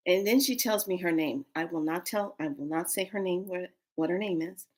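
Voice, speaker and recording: A woman in her fifties hosts a spiritual livestream, casually telling a story to her live audience, playful and laughing often. Her voice is lowish and sharp in tone, moving at a moderate pace with hardly any pauses.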